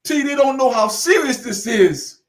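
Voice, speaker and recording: A man's voice: extremely high pitch, expressive, a little slow. A man giving an impassioned, repetitive lecture as a host, talking informally and slipping into dialect. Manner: preachy and repetitive, building in fervor.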